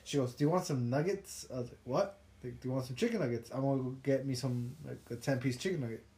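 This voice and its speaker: A man's voice: medium pitch, fast talker, dark tone. A young man telling casual, profane work stories on a podcast with a laid-back, laughing manner. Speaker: podcast co-host. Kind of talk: casual storytelling chat.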